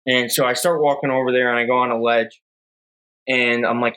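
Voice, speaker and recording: A man's voice: mid-range voice, a little fast, clear, resonant tone, low-quality recording. A young man, a falconer, casually telling a story on a podcast with lots of fillers and restarts. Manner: rambling, relaxed storyteller with many fillers.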